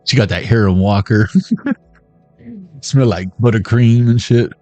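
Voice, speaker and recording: In a darkish mid-range voice with big pitch swings, a middle-aged man slowly works through a joking card reading for viewers, full of pop-culture riffs. The audio is dry and dull, and faint music plays behind.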